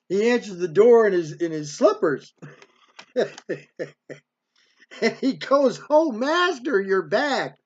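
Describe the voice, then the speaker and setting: In a hotel room, a middle-aged man with a fairly high voice tells a rambling, streetwise story as a casual monologue. He keeps throwing in "man" and "right," and the recording sounds dull and lo-fi.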